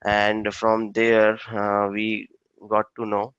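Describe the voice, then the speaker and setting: A male instructor explains a technical system in a halting way, full of fillers and restarts. His low voice stays flat and even. The recording sounds dull and lo-fi, with a dry, close sound. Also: clean tone, no echo. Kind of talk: technical training lecture.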